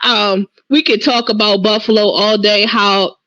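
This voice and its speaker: A woman's voice: medium pitch, steady tone, a little slow, pushed and bright, no room sound, dull audio. A woman speaking as a guest on a talk show panel, conversational and questioning. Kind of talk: casual discussion.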